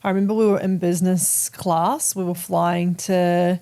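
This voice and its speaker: A woman's voice: fairly low pitch, little pitch movement, moderate pace, mellow, smooth. A woman in her thirties with an Australian accent, hosting a podcast and telling a story in casual chat, swearing freely and acting out the voices of people she quotes. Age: 30s. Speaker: podcast host.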